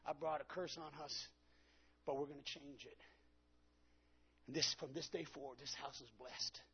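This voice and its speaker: A man preaches a sermon in a very husky, gravelly voice that sits slightly high. He tells his story dramatically, acting out his own quotes at a normal speed with fairly even intonation. The recording sounds dull and lo-fi.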